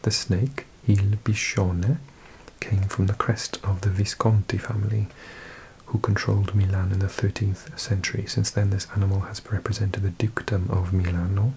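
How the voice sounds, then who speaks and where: A man with a Welsh accent, hosting an ASMR video and reading aloud in a slow, hushed mix of whisper and soft speech. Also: fairly low pitch, flat delivery, vocal fry, slight background noise, rough recording. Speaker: ASMR host.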